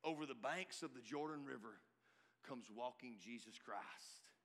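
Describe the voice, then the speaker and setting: A man preaching a sermon, emphatic and climbing to shouts at his peaks. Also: mid-range voice, measured pace. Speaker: pastor. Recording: reverberant hall.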